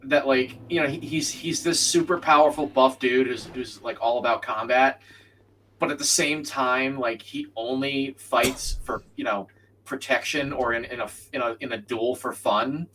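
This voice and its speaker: A man's voice: medium pitch, fairly even intonation, moderate pace, pushed and bright, recorded from a distance, a little hiss or hum, low-quality recording. A young man chatting casually and bluntly while streaming a co-op game, swearing freely. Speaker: co-op gaming streamer. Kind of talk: casual chat while gaming.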